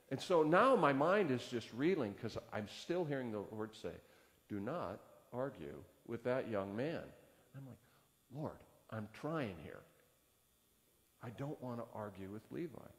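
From the pulpit of a church sanctuary, a male pastor tells a sermon story at an unhurried pace. His pitch swings widely as he acts out the dialogue, and a long church reverb trails his voice.

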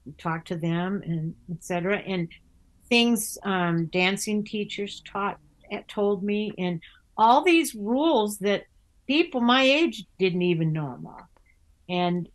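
This older theatre actor and author takes her time, her mid-range voice full of lively intonation. Chatting in a relaxed interview, she spins stories with many restarts and performs the voices of other people.

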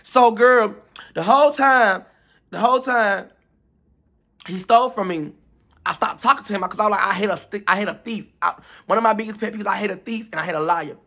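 A man telling a storytime vlog in a chatty, animated, profane gossip manner, talking straight to his viewers. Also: high-pitched, fairly quick. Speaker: storytime vlogger.

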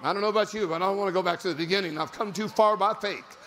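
A male pastor preaching a sermon, repeating phrases and breaking into sudden shouts for emphasis. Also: high-pitched, rapid-fire. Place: large church sanctuary. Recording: long hall reverb.

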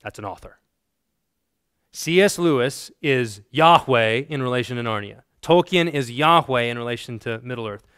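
Man teaching a theology lecture, smooth voice. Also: medium pitch, a bit bright, no room sound, studio quality. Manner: conversational, emphatic, asks the class questions. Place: classroom.

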